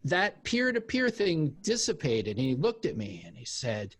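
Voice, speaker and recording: A man's voice: a little high, moderate pace, breathy edge. A man speaking as an interview guest, telling a personal story in casual conversation and acting out the voices of the people in it. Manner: animated storyteller who acts out quoted voices. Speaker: interview guest, author and former cult member.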